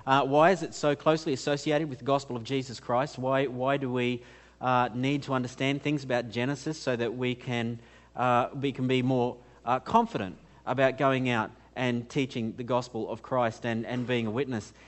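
An earnest male conference speaker with an accent that is not American. He works through his points with rhetorical questions, frequent "uh"s and restarts, at a mid-range pitch. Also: level tone, moderate pace. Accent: foreign to America. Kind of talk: live conference teaching talk.

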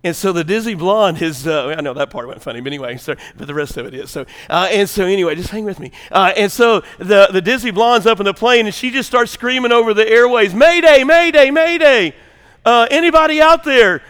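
A man's voice: high-pitched, fast talker, hardly any pauses, fairly bright tone, in a large hall. A male pastor preaching a sermon in a rambling, joking way, speaking straight to his congregation. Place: large church hall.

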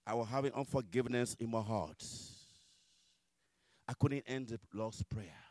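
A man preaching a sermon and telling his own testimony, impassioned and rising to shouts as he relives the struggle. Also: medium pitch, expressive, measured pace, long pauses, no echo, studio quality.

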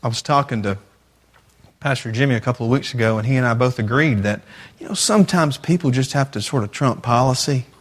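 A man's voice: mid-range voice, fairly quick, breathy edge. A man giving a sermon as a youth pastor, often repeating himself and asking the audience rhetorical questions.

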